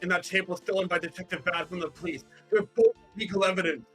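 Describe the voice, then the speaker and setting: A man playing a serious young prosecutor with a bright, forceful voice. He reads each line measured and earnest. The tone is a touch high for a man. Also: fairly even intonation, soft background music. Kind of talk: reading game dialogue aloud with friends.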